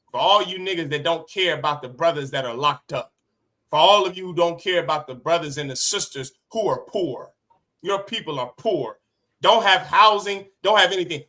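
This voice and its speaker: Male preacher leading a class, fairly high bright tense voice, fiery and rhetorical. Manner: impassioned, rhetorical, sharp swings in loudness. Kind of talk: street-preacher sermon.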